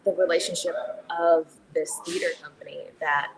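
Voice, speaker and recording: Speaking in a low, gravelly voice with fairly even intonation and normal speed, this young woman is a theater director being interviewed casually for a podcast. She's chatty, quick to laugh, and full of fillers and false starts. Crowd noise and a rough recording leave plenty of background noise.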